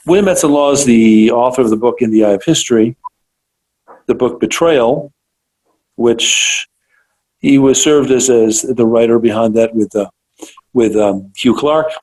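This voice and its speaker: A man's voice: mid-range voice, a little mellow, poor audio. Enthusiastic male radio interview host. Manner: enthusiastic, restarts sentences.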